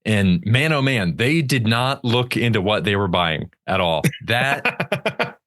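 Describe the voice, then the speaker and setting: A man's voice: on the low side, very animated, slow, a bit bright. A young man co-hosting a podcast, telling rambling stories in casual chat, swearing and laughing mid-sentence. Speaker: podcast co-host.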